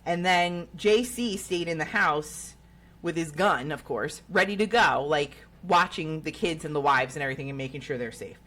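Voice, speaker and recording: A woman, co-hosting a podcast and retelling a story in a casual, profane, animated way. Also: low-pitched, normal speed. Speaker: podcast co-host.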